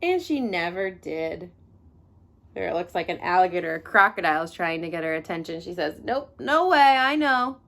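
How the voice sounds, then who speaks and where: A woman reading a picture book aloud to children, expressive and adding chatty asides as she goes. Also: lowish voice, fairly quick, gravelly, slight background noise. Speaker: read-aloud storyteller.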